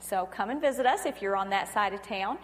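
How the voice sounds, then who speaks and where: A woman's voice: medium pitch, a little fast, long reverb tail. A middle-aged woman from North Florida with a Southern accent, speaking to a women's church gathering in a chatty, humorous way. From North Florida, USA. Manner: chatty, self-deprecating humor, animated acted-out quotes. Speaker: pastor's wife, guest speaker at women's meeting. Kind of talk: conversational sermon with storytelling.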